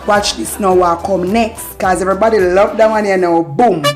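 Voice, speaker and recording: A woman's voice: medium pitch, fairly even intonation, normal speed, soft background music. A woman with a Jamaican accent giving a playful, casual patois lesson, laughing often and repeating phrases. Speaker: online patois teacher.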